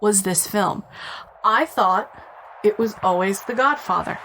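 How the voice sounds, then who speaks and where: A woman co-hosting a casual movie podcast from her home, animated and quick to swear, often jumping into high-pitched quote voices. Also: background noise. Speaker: podcast co-host. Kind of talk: casual chat. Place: home apartment.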